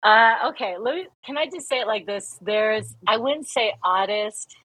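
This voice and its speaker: Husky-voiced woman from Hawaii, dry sound. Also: on the high side, animated, normal speed, a bit bright, dry recording, poor audio. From Hawaii, USA. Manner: hesitant, choosing words carefully. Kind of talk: casual chat.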